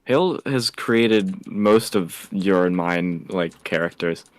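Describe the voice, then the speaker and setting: Deep-voiced guy in goofy stream banter. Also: takes it slowly, no echo. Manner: laid-back, goofy banter. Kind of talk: casual live-stream chat.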